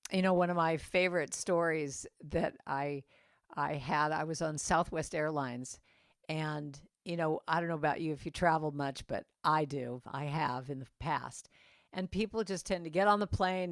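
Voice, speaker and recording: Storytelling middle-aged woman speaker, lowish voice. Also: no room sound, clean studio sound. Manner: animated, acts out quoted voices, laughs while talking. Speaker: guest speaker at a Sunday service. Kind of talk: storytelling sermon.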